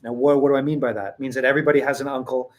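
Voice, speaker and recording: A man's voice: medium pitch, fairly even intonation, very fast, a little mellow. A man hosting his own tea channel, talking casually to his viewers and often restarting his sentences. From Western. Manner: rambling, many restarts, chuckles. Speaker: tea seller and channel host. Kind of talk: casual talk to camera.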